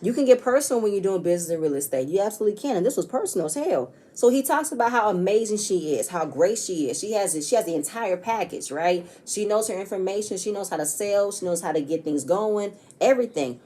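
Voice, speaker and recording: A woman's voice: on the low side, mellow, slightly rough. A woman casually recapping a reality TV episode, chatty and blunt, often tossing in "you know what I'm saying" and swearing freely.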